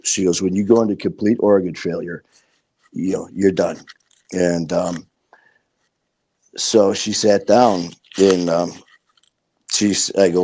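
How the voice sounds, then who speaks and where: A man's voice: low-pitched, a little slow, a little mellow, husky. Blunt, profane man telling his story. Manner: blunt, profane, acts out quoted dialogue. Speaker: podcast guest. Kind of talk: casual storytelling.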